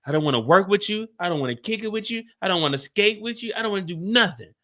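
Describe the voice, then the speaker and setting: A man voicing a fed-up young woman who turns someone down flatly and firmly. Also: sits high, fast talker.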